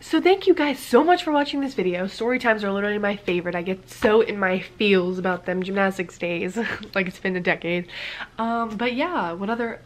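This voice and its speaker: A woman's voice: mid-range voice, fairly quick, slight background noise. A woman vlogger telling a casual story-time tale, rambling with many fillers and dipping into whispers now and then.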